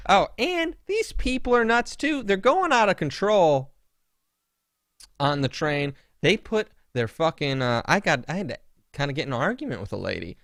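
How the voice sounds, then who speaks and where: A man hosting a podcast, telling everyday stories in a casual, grumbling, animated way. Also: no echo, clean studio sound. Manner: animated, swooping pitch, grumbling rants. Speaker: podcast host. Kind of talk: casual storytelling chat.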